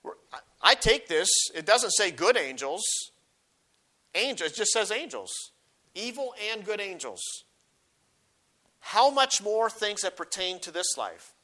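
Male preacher, high and bright, scripture reading with emphasis, sermon delivery. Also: sing-song, unhurried, long pauses. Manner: reads scripture aloud with rising emphasis, then explains; frequent restarts and repeated words.

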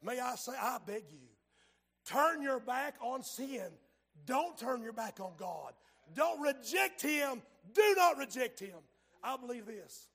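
High, gravelly preacher. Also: male voice, expressive, takes it slowly. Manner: fervent, dramatic preaching that swings from hushed to shouted. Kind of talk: sermon.

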